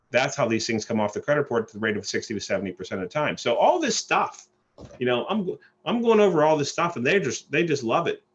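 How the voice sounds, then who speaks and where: A man giving an animated sales presentation on a group call, often repeating and restarting phrases. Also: mid-range voice, highs cut off. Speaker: credit repair presenter. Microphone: phone or call line.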